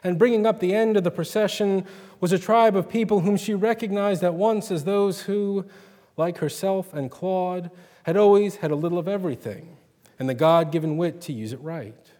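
A man reading and retelling a short story in a measured, dramatic way. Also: high voice, dark tone, in a large hall.

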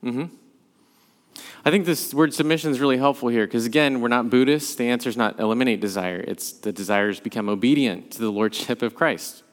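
A man's voice: mid-range voice, brisk. A man leading a Bible study class, talking through the passage conversationally and thinking aloud as he goes. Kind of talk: leading a church class discussion. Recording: long hall reverb.

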